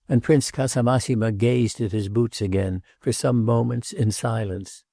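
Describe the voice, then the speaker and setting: A man narrating a classic novel as an audiobook in a measured, even reading. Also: medium pitch, gravelly, no echo, studio quality. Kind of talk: scripted literary narration.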